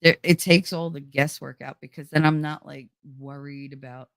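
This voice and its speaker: A lower-voiced woman talks straight to her viewers, excitable and all in. She swears freely and laughs a lot. The sound is close and dry, with no room around it. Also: moderate pace, gravelly, clean tone, dry recording. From New Jersey. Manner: excitable, blunt and profane, laughs often. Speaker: streamer. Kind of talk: casual chat with viewers.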